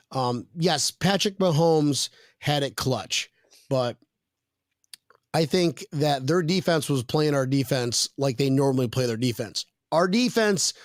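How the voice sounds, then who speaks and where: A man's voice: on the high side, dry recording, studio quality. A man hosting a casual sports podcast, joking and rambling as he reads viewer comments aloud. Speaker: podcast host. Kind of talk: casual chat.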